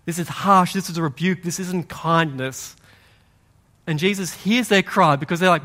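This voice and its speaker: Animated conversational male preacher. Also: high voice, moderate pace. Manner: animated storytelling, acts out quoted voices loudly; conversational, uses "like" often. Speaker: pastor. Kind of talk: sermon.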